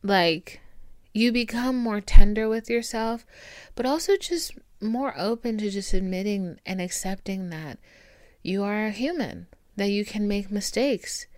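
A woman hosting her own podcast alone at home, talking candidly and swearing freely, with warm pep-talk asides to her listeners. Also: medium pitch, dry recording. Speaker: podcast host. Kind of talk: casual solo podcast monologue. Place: indoors at home with her dog. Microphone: camera recording.

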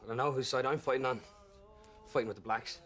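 A man playing a fast-talking, fretful questioner. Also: mid-range voice, steady tone, a bit bright, close to an everyday voice. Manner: anxious, questioning. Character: fretful man in a drug-fuelled hotel chat. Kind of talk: film dialogue.

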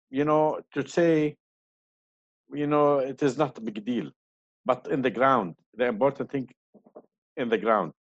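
Slow, hesitant man with a dull, lo-fi sound. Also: medium pitch, dry recording. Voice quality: hesitant, many fillers and restarts. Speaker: interview guest. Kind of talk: online panel interview.

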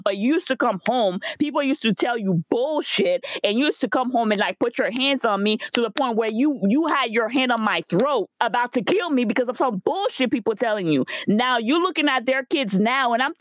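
A woman's voice: on the high side, lively intonation, moderate pace, few pauses. A woman telling a painful family story in a casual conversation. She talks candidly and emotionally, close to tears, and cusses freely. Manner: candid and emotional, with frequent cussing and "like". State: near tears.

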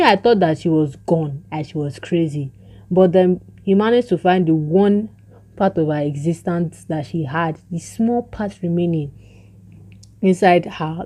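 A woman giving an excitable, casual recap of a show's plot, acting out the characters' lines. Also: lowish voice, unhurried. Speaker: show recap vlogger.

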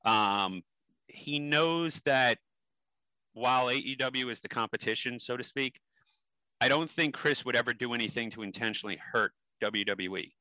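A man's voice: fairly low pitch, sharp tone, no echo, rough recording. A man being interviewed, telling stories animatedly with many ums and restarts. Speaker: interview guest. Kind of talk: casual interview storytelling.

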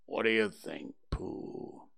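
A man voicing a gloomy, grumbling old male donkey in a storybook reading, with a slow, low mutter. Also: vocal fry, a bit bright, dry recording, full character voice.

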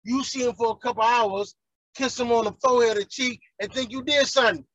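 A man's voice: very high voice, steady tone, brisk, a bit bright, dry recording, lo-fi sound. A man, ranting heatedly and profanely in casual chat as a podcast co-host.

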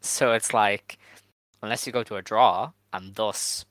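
Bright-voiced male podcast host, dry mic. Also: fairly low pitch, measured pace, no echo, low-quality recording. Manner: hedging, relaxed, filler-heavy. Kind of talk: casual chat.

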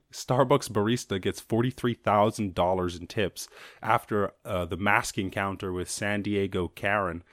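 A man hosting his own show, talking loosely and profanely in a jokey solo monologue and slipping into quick silly voices. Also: on the low side, fairly bright tone, dry recording, clean studio sound. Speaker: podcast host. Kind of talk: casual comedic monologue.

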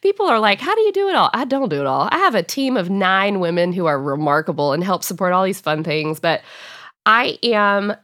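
Emotional woman author, thirties, warm laughter, close dry mic. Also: on the low side, lively intonation, moderate pace, no echo. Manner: heartfelt, emotional, laughs often. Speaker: author guest. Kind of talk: podcast interview.

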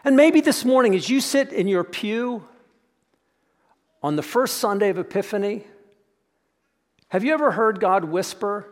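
High-voiced preacher in a reverberant church. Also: male voice, lively intonation, normal speed. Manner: reflective, often dropping to a soft hush. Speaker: pastor. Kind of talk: sermon. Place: church sanctuary.

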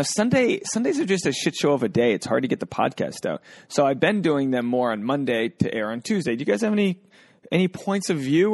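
Male podcast host, young adult, gravelly and loose, joking casual delivery, dry close sound. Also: medium pitch, dry recording. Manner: loose, joking, reads listener questions then riffs. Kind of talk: casual solo podcast talk.

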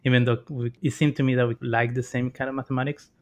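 A man's voice: medium pitch, little pitch movement, fast talker. A young man from Mexico hosting a casual interview, chatty and curious, with loose phrasing and many fillers. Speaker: host.

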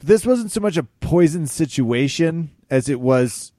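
A man co-hosting a casual podcast, delivering absurd jokes in a deadpan way. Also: on the high side, a little slow, no echo, clean studio sound. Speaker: podcast co-host.

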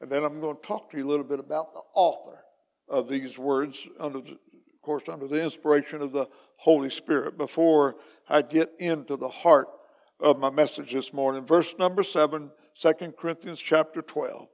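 An older evangelist with a slightly high, gravelly voice preaches a folksy sermon full of jokes and "uh"s. His words ring with a long echo through a church hall. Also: fairly even intonation, moderate pace, darkish tone. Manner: folksy, joking, with many fillers. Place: church sanctuary.

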